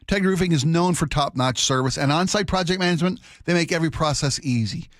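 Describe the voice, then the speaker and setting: A man's voice: on the high side, fast, dry recording, clean studio sound. A man co-hosting a radio talk show, playful and teasing, bantering and reading a live ad. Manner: playful, teasing, jumps into mock voices. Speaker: radio co-host. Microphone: studio mic.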